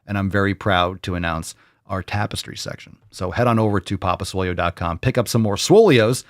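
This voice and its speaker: A man's voice: fairly low pitch, no room sound, clean studio sound. A man hosting a fitness podcast, talking bluntly with plenty of swearing and a mock-salesy streak. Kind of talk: casual podcast monologue.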